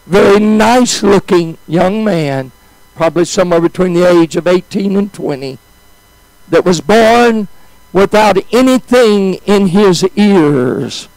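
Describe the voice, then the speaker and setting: A male preacher telling a story in a sermon, swinging from high exclamations to hushed, drawn-out phrases. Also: no room sound, poor audio.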